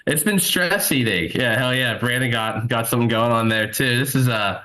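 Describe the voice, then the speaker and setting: A stand-up comedian in his thirties performs a set from home at his computer, speaking over a video call through the computer mic. His mid-range voice is bright and forceful at a moderate pace, and the recording is rough. He tells rambling, self-mocking stories packed with fillers.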